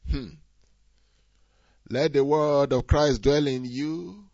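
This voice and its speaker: A man preaching a sermon, swinging from quiet asides to loud, rising exhortation. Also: a little high, fairly even intonation, takes it slowly, long pauses, no echo. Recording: dull, slightly lo-fi dry recording.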